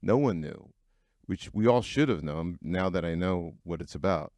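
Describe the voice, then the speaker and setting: A man's voice: low voice, expressive, moderate pace, a little mellow, no room sound. A middle-aged man telling personal stories to a live audience in a frank, conversational way, with frequent fillers. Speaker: keynote speaker at an entrepreneurs' breakfast. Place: event venue before an audience.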